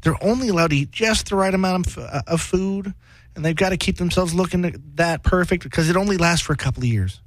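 A man's voice: high voice, fast, no echo. A man co-hosting a casual podcast, explaining his point in easy banter. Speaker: podcast co-host. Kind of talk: casual chat.

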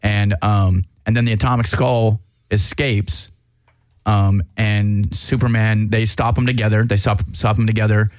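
A man's voice: fairly low pitch, little pitch movement, measured pace, smooth, no echo, clean studio sound. A man hosting a casual chat, rambling through a movie plot with profanity, fillers and restarts.

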